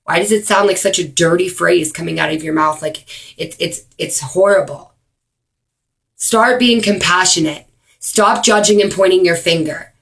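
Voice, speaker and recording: A woman talking straight to camera in an earnest personal video, with many ums and pauses for emphasis. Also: lowish voice, gravelly, a bit bright. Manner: earnest, frequent ums, speeds up and slows down for emphasis. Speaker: vlogger. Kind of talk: earnest direct-to-camera awareness talk.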